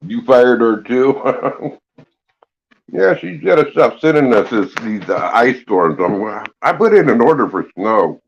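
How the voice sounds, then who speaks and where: A man's voice: medium pitch, sing-song, gravelly, slightly rough. A man hosting a casual morning livestream, talking with his mouth full and chuckling in a folksy, easygoing way. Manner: slow, easygoing drawl with folksy slang. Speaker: livestream host. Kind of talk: casual live chat. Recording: dull lo-fi stream audio.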